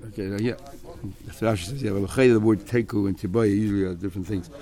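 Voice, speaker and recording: A man's voice: lowish voice, fairly even intonation, quick pace, warm tone. A man teaching a text study class, explaining step by step and acting out the speakers he quotes.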